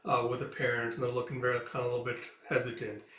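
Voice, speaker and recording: A man's voice: mid-range voice, monotone, fast talker, a bit bright. Chatty man, roomy and distant. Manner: chatty, leans on "it's like" to introduce quoted lines. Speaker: manga reviewer. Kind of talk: casual retelling of a comic, reading dialogue aloud. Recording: roomy echo, voice heard from a distance.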